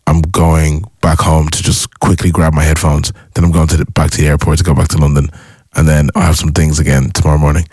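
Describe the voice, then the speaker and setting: A man's voice: a bass voice, brisk, breathy edge, no room sound, clean studio sound. A young man, a musician guest, chatting in an interview and eagerly acting out his own reactions as he tells stories. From Ireland. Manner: excitable storyteller, acts out his own reactions. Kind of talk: casual interview chat.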